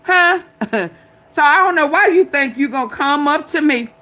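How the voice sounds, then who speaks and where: Older woman commentator, bright, a bit high, sassy and blunt, preachy riffing. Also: moderate pace. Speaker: commentary vlogger. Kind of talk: casual opinion commentary.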